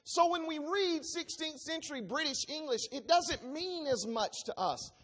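Expressive and fairly bright, this high-sitting voice moves at a moderate pace. It belongs to a preacher giving Bible teaching in expository style, reading passages out and explaining each line with emphasis.

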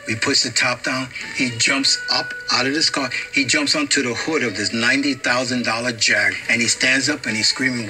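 A man's voice: mid-range voice, normal speed, rough recording. A middle-aged man recounting an anecdote in a documentary interview, acting out the lines he quotes. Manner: lively storyteller acting out quotes. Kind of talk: anecdote told to camera. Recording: music playing underneath.

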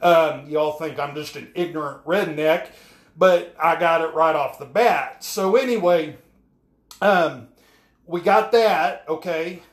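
Rambling high-voiced man, echoey bathroom. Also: takes it slowly. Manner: folksy, rambling, keeps asking "all right?". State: soaked and frustrated. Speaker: home-repair vlogger. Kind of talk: rambling comedic vlog. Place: small bathroom.

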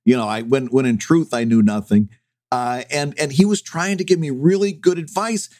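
A man in his fifties spins a self-deprecating story from his early career, replaying old exchanges with gusto. His voice sits at an ordinary middle pitch. It's captured close and dry, with no room sound at all. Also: normal speed, darkish tone, no room sound. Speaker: podcast co-host. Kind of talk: casual chat, storytelling.

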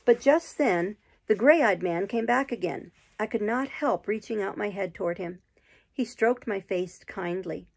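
A woman reading a classic novel aloud in slow, measured storybook narration. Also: mid-range voice, vocal fry, slightly rough. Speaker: audiobook reader.

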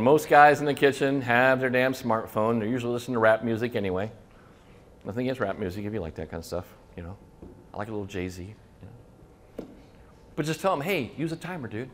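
A middle-aged man, a restaurant consultant, telling kitchen stories in a loose, swearing way and acting out the voices of cooks and chefs. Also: medium pitch. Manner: storytelling, acts out kitchen voices, swears casually. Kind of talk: casual talk to an audience.

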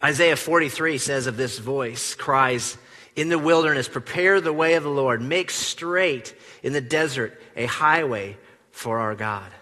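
Bright-voiced man preaching in a reverberant hall. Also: medium pitch, a little slow. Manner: animated preaching, acts out quoted lines with big swings in loudness. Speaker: pastor. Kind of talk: sermon. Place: church sanctuary.

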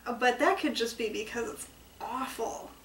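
A woman's voice: on the high side, normal speed, fairly bright tone. A woman co-hosting a casual online show, giving brief, dry answers to viewer questions. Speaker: podcast co-host. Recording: distant echoey room with faint hiss.

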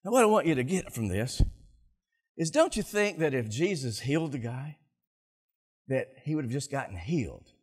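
A male pastor preaching a sermon, telling stories with animated delivery and acting out scenes, often repeating words. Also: medium pitch, moderate pace, pauses often, husky.

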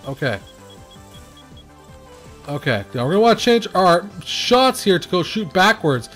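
A fairly high-voiced man talks through a game as he plays it, his pitch swinging widely. He rambles and restarts, filling gaps with hesitant sounds, and blurts out nervous exclamations when the action heats up. Faint music plays underneath. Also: very animated, measured pace, pauses often, a bit bright. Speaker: game reviewer. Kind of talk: casual gameplay commentary.

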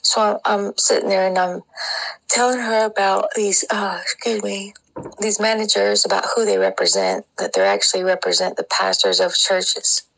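A woman's voice: mid-range voice, expressive, normal speed, creaky, fairly bright tone, low-quality recording. A woman casually recounting her dreams in a rambling way, with many restarts and asides. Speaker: Christian dream sharer.

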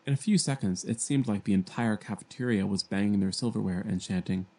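A man reading a children's novel aloud in a plain, gentle storytelling manner, lifting his voice for the young characters' dialogue. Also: fairly low pitch, a little fast. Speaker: amateur audiobook reader. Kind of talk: fan audiobook reading.

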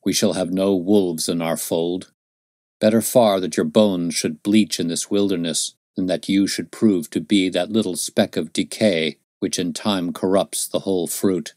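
A man voicing a stern young leader of a pilgrim band in an audiobook, grave, measured and commanding. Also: sits low, steady tone, darkish tone, no echo, clean studio sound. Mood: solemn. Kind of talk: audiobook character voice.

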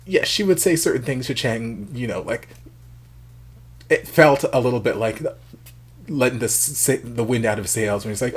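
A man giving casual, animated reaction commentary as a video host. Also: medium pitch, moderate pace, slightly rough. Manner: animated, chatty, emphatic.

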